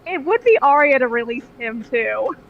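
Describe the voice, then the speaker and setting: High-voiced woman at a game table. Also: very animated, moderate pace, gravelly, highs cut off. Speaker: player. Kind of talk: casual table chat.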